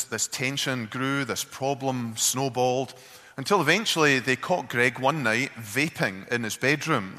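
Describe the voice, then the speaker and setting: A man preaching, telling a story in an earnest, halting way with repeated words. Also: medium pitch, sharp tone, long reverb tail. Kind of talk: sermon storytelling.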